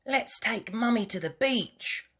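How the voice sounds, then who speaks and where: A woman voicing an excited little girl piglet who squeals and exclaims loudly. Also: fairly high pitch, slow pace, slightly rough, pitched above the performer's own voice, full character voice.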